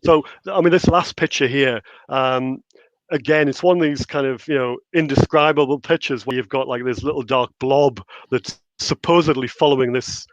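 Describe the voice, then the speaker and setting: A man's voice: mid-range voice, fairly even intonation, normal speed, no echo, muffled recording. A man from Newcastle with a Geordie accent, chatting casually as a livestream guest over a video call. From Newcastle, England. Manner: chatty, explains with local asides. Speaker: guest writer.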